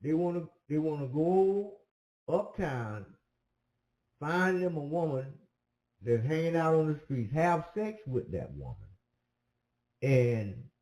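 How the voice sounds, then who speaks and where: Mellow, animated man telling a story. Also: on the high side, slow pace, long pauses. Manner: rambling, hesitant, with many fillers. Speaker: commentator. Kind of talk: casual storytelling. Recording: roomy echo.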